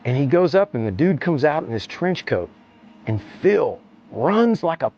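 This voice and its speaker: Animated middle-aged man telling a story. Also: moderate pace, lo-fi sound. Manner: animated, swearing, acts out the scene with jumps in pitch. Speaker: interview guest. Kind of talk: casual storytelling in an interview.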